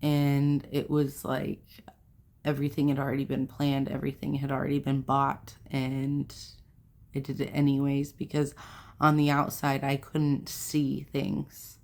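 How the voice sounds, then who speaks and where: A woman's voice: very deep voice, monotone, a little slow, creaky, darkish tone. A young adult woman hosting a self-help video, talking casually to camera in a rambling way, with fillers and self-corrections.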